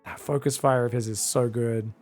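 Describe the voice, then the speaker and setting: A man giving live commentary on a strategy game match, chatty and excitable, breaking into loud shouts at big plays. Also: mid-range voice, normal speed, soft background music. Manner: chatty, addresses viewers directly. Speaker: esports caster.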